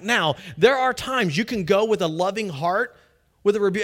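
Pastor guy preaching, talks kinda high, chatty and lively, does little voices. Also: moderate pace. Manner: animated, conversational, acts out quotes. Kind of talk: sermon.

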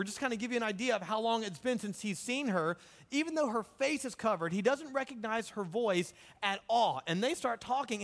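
A man preaching a sermon, retelling a Bible story with jokes and acted-out lines. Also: high voice. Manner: jokey, acts out the characters' lines. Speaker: pastor. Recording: hall reverb.

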